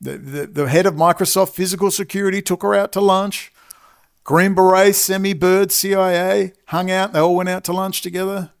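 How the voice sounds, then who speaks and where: A man's voice: sits high, flat delivery, moderate pace, gravelly, clear, resonant tone. A man ranting as a commentator in an angry monologue, swearing and saying he is exhausted. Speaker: political commentator.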